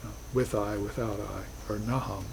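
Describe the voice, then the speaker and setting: A man's voice: fairly low pitch, fairly even intonation, normal speed, gravelly, background noise. A man teaching a class on spiritual philosophy, talking in an earnest, reflective way with emphatic bursts. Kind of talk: recorded class lecture.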